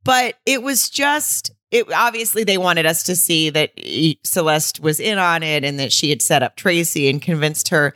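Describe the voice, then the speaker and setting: A woman's voice: normal speed, few pauses, a bit bright, no echo, studio quality. A woman co-hosting a casual podcast, recapping a movie and acting out the characters' lines with frequent laughter. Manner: laughs often, acts out quotes with big pitch swings. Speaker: podcast co-host.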